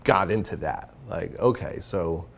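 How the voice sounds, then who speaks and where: As the guest in a casual interview, a man with a low-pitched, creaky, husky voice talks candidly and a little slowly. He's animated, rambling with many fillers and restarts.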